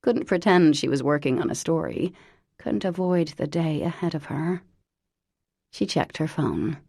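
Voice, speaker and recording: A woman reading an audiobook in a wry, deadpan narrating manner. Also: low-pitched, unhurried, gravelly, breathy edge, dry recording, studio quality.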